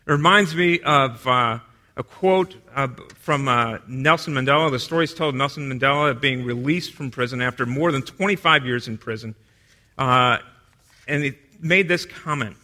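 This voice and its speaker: A man preaching a sermon, moving from emphatic delivery to quiet, hushed retellings of scripture scenes. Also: mid-range voice, moderate pace. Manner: dynamic, drops to a hush for quoted lines.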